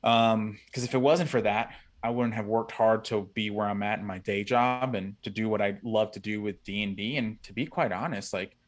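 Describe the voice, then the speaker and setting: A man talking as a podcast guest in a casual, halting way with many fillers. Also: on the low side. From Cuban family. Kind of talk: casual chat.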